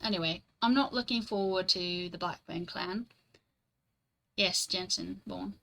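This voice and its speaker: A woman's voice: on the low side, measured pace, vocal fry, sharp tone, poor audio. A young woman streamer in casual, rambling chat, reading and answering her chat, swearing casually and laughing often.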